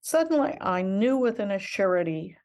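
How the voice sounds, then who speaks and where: A woman's voice: medium pitch, sing-song, normal speed, darkish tone, muffled recording. An older woman, a missionary guest in an interview, telling her story in an earnest, reflective and heartfelt way.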